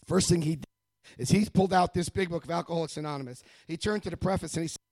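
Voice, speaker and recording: Higher-voiced man telling a funny life story. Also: fast talker, dry recording. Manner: animated, self-mocking storyteller with jokes. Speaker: recovery meeting speaker. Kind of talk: humorous personal storytelling to an audience.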